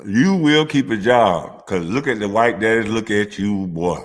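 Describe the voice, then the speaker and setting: A man delivering a mocking, profane comedic commentary rant, with drawn-out hums between jabs. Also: fairly low pitch, animated, big-room sound.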